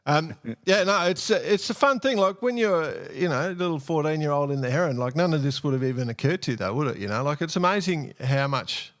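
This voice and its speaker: A man hosting a podcast, chatty and quick to joke with his guest. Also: on the high side, lively intonation, a bit bright. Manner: chatty, joking banter. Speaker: podcast host. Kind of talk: casual podcast chat.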